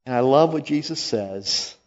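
A man preaching a sermon slowly and emphatically, rising to loud, forceful quoted lines. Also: mid-range voice, lively intonation, muffled recording.

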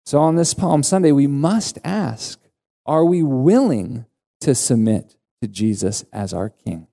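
A male pastor delivering an earnest sermon with emphatic rises in pitch. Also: expressive, a little slow, vocal fry, mellow.

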